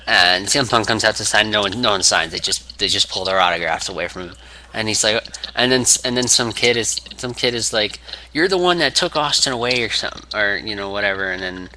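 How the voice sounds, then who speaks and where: A man's voice: lowish voice, brisk, sharp tone, a little hiss or hum, low-quality recording. A young man rambling through a fantasy wrestling booking idea, with many restarts, acting out quotes. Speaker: wrestling fan video maker.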